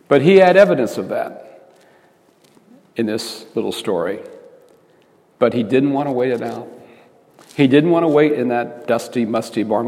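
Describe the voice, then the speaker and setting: In a reverberant hall, a man with a medium-pitched, darkish voice delivers a storytelling sermon. His manner is earnest, and he often restarts phrases.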